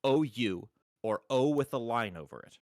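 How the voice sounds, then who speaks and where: A man's voice: medium pitch, lively intonation, moderate pace, a little mellow, no room sound, studio quality. A man chatting on a live stream, explaining pronunciation patiently like a teacher, with emphatic repetitions. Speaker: stream co-host. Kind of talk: casual chat on a live stream.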